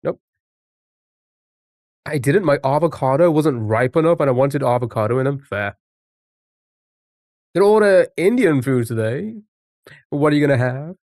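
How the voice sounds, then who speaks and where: A man's voice: medium pitch, lively intonation, moderate pace, long pauses, darkish tone, no echo, clean studio sound. A man streaming live, chatting casually with viewers and thinking aloud while guessing words. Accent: non-American English.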